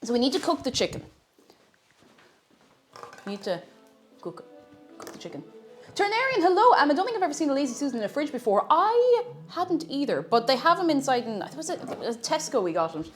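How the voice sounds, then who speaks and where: Cooking in her kitchen at home, a young Irish woman chats and giggles through a live stream, reading her chat aloud. Her high-pitched voice is very animated and fairly quick, with faint music in the background.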